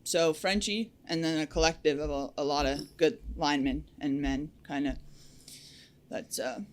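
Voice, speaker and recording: A woman's voice: sits low, moderate pace. A young adult woman who works as a lineman, talking candidly and outspokenly in a casual podcast interview, with frequent fillers. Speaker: powerline lineman guest.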